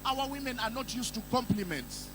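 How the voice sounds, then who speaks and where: A Ugandan man with a Ugandan English accent doing stand-up comedy, telling playful stories and breaking into shouted impressions. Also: extremely high pitch, expressive, background noise. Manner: playful storytelling, quick bursts of shouted impressions.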